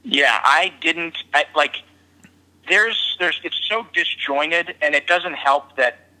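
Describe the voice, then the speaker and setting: Bright-voiced swearing podcast guy. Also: fairly high pitch, rough recording. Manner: rambling, swears a lot, halting restarts. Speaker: podcast co-host. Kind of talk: casual movie review chat.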